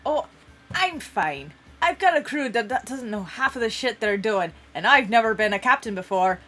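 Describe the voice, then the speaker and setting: A woman's voice: on the high side, expressive, moderate pace, fairly bright tone, soft background music. A woman voicing a spunky middle-aged halfling woman, a pirate captain, talking brashly and swearing. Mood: frazzled.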